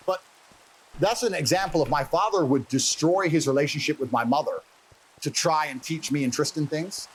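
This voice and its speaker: A man telling a personal story as an interview guest in a fast, casual, profane way. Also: fairly high pitch, slight background noise, poor audio.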